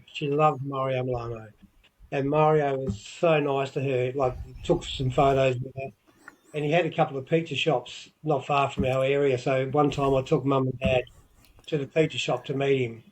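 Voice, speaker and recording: A man's voice: medium pitch, a little hiss or hum, low-quality recording. A man with an Australian accent, a veteran wrestler giving blunt, emphatic opinions in a casual interview.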